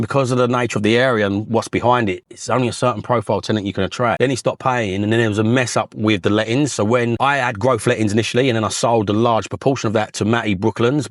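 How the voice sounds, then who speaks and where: A man's voice: fairly low pitch, dry recording, studio quality. A man with a Northern English accent giving a casual walking-tour vlog about his properties, blunt and chatty, telling stories and swearing now and then. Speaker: property investor vlogger. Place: outdoors on a street.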